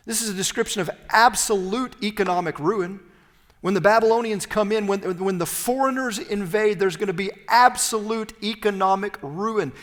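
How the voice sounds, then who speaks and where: Pastor guy w a high voice preaching, gets loud then drops real quiet, long church reverb. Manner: dramatic swings between loud emphasis and hushed low phrases. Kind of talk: sermon.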